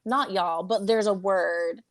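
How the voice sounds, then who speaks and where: A woman's voice: mid-range voice, slow, a loud crowd. A middle-aged woman with a Southern US accent, chatting casually as a cast member in a live Q&A and acting out little quotes. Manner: animated, acts out quotes. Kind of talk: casual chat.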